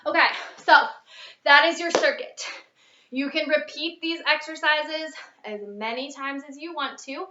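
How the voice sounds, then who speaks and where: Breathy high-pitched woman coaching a workout. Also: fairly even intonation, measured pace, sharp tone, slight background noise. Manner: upbeat coaching, counting reps, mid-exercise. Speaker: fitness instructor. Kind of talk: guided workout instruction. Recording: echoey, distant, dull lo-fi.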